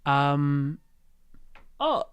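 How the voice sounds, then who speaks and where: Livestream host. Rambling and self-interrupting, with a smooth voice and a dry recording. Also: mid-range voice, very animated, drawn-out words, no room sound. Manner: rambling and easily sidetracked; thinks aloud with many fillers and restarts. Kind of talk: casual lore chat on a livestream.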